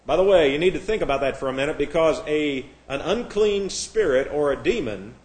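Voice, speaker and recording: Man, Bible class teacher, slightly high voice, spells words out, echoey room. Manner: spells out words letter by letter, many restarts. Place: church classroom.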